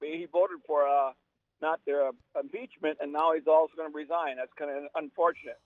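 A man making his first call to a talk radio show, speaking in a halting, hesitant way. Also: on the high side, steady tone, no room sound. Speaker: first-time caller. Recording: loud, tinny phone line.

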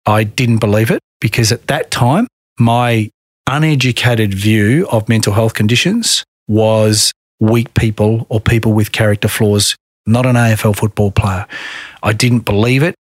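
A middle-aged Australian man telling his own story in a podcast interview, earnest and measured. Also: lowish voice, no echo, clean studio sound. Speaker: guest.

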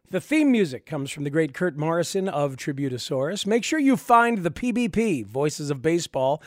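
A man's voice: high-pitched, dry recording, clean studio sound. A male podcast host reading an upbeat, scripted episode outro. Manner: upbeat, promotional.

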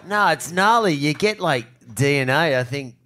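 A man's voice: on the high side, animated, normal speed, bright, forceful tone. A man speaking on stage at a live panel, heartfelt and a bit rambling. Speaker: panel guest, surfer. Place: live panel at a bowling club in front of an audience.

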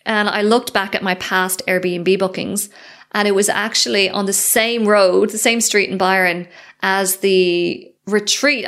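A woman's voice: medium pitch, a bit bright. A woman hosting a solo podcast, speaking candidly and effusively and swearing casually. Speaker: podcast host.

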